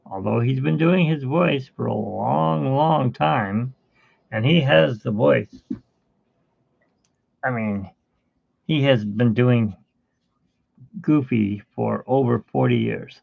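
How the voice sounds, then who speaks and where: A man talks slowly and casually while he works on a drawing, rambling from one aside to the next. His voice is gravelly and husky. The sound is tinny and phone-like and dry. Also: medium pitch, animated, no room sound. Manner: rambling, chatty, with fillers and asides. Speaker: artist hosting a live art stream.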